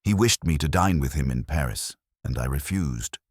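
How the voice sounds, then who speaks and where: A man reading a poised, theatrical actress in a husky voice. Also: very deep voice, animated, normal speed, a little mellow, no room sound, studio quality. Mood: languid. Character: poised aloof actress woman.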